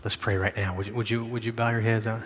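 A middle-aged man pastor preaching a sermon, telling a lively personal story with shouted bursts and then easing into quiet prayer. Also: lowish voice, fast. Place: church sanctuary. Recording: long hall reverb with faint music.

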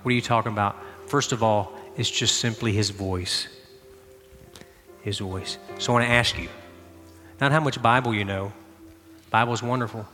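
A middle-aged man preaches a sermon in a church sanctuary, his voice very bright and ringing. The room carries a long echo, with faint music underneath. He moves from animated storytelling to hushed prayer. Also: fairly low pitch, moderate pace, long pauses. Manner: animated storytelling, shouting in reenactments, dropping to quiet prayer. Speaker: pastor.

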